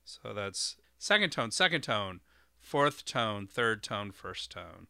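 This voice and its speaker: Male podcast host, bright and dry-sounding, explanatory and a bit rambling. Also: lowish voice, very animated, slow, gravelly, clean tone, dry recording. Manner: explanatory, with fillers and spelled-out terms. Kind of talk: solo educational podcast.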